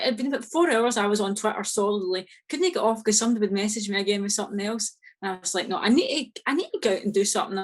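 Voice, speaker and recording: A woman with a Scottish accent, an author chatting as a podcast guest, telling a story with lots of laughter and acted-out quotes. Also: medium pitch. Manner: lively, laughs often, acts out quoted exchanges. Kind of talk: casual storytelling chat.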